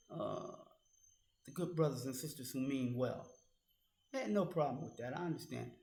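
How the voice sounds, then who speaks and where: A man's voice: medium pitch, expressive, moderate pace, vocal fry, long pauses, a little mellow. Angry, profane man ranting in an echoey room. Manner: angry, profane, confrontational, addressing a critic directly. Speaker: online commentator. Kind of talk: heated monologue rant. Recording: roomy echo.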